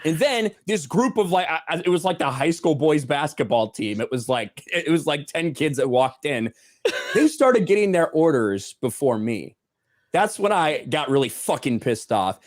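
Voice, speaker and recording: A loud American man rants through a story, swearing constantly and sounding outraged. His voice sits a bit high and swings widely in pitch as he gets worked up. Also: sing-song, normal speed. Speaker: co-host telling a story. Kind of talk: profane ranting anecdote.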